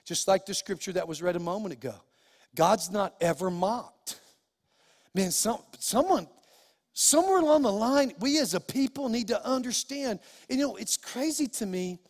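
A man's voice: high voice, expressive, moderate pace. A middle-aged man preaching a sermon as pastor, emphatic and repetitive with folksy asides. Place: church sanctuary. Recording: long church hall reverb.

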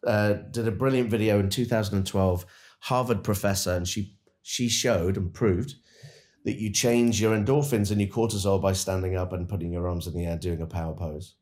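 Deep-voiced man telling a coaching story. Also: normal speed. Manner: animated, earnest, coaching tone. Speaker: dentist and business coach, podcast guest. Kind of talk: casual podcast storytelling.

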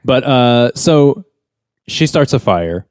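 A man co-hosting a podcast, casually recapping a sitcom episode and acting out the characters' lines in higher voices, with frequent chuckles. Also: lively intonation, slow, a little mellow, no room sound, studio quality. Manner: laid-back storytelling, acts out quotes in higher voices, chuckles often. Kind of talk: casual chat.

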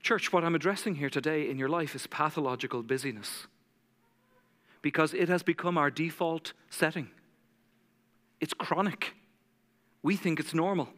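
Guy pastor preaching, high bright voice, big church hall echo, acts out the stories. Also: normal speed, long pauses. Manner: dramatic storytelling, acting out quoted voices. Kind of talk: sermon.

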